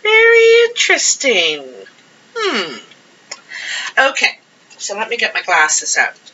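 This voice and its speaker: A woman's voice: mid-range voice, wildly swooping pitch, slow pace, bright, forceful tone, a little hiss or hum. A woman giving a casual monthly tarot reading, chatty and rambling as she thinks aloud over the cards. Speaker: tarot card reader. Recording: dull lo-fi sound.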